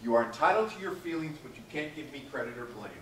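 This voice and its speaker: A man's voice: mid-range voice, expressive, quick pace, a bit bright, far from the mic, a little hiss or hum. Man lecturing a class, echoey room. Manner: questions students by name, acts out quoted lines. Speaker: teacher.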